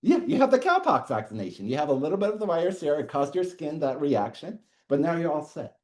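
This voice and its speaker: Speaking quickly at a fairly high pitch, a middle-aged man lectures a university classroom with animated energy, laughing softly and frequently checking in by saying "okay".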